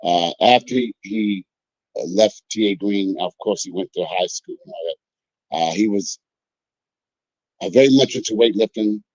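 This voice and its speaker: Male host, lower voice, unhurried with plenty of "uh"s, dry room. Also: darkish tone, dry recording, muffled recording. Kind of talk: casual talk show.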